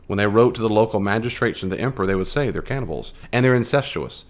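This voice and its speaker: A man teaching a Bible class in a conversational, animated way, with fillers and restarts. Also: lowish voice, quick pace.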